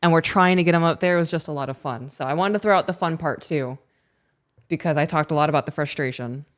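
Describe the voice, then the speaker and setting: A woman co-hosting a podcast, chatting casually and telling family stories in an animated way. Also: sits low, fast talker. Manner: chatty storyteller, animated retelling. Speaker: podcast co-host. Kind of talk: casual chat.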